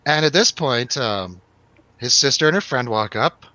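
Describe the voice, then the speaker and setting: A man's voice: mid-range voice, animated, moderate pace, sharp tone, dry recording, poor audio. A man hosting a radio show, telling a rambling, laughing, swearing story in a casual chat.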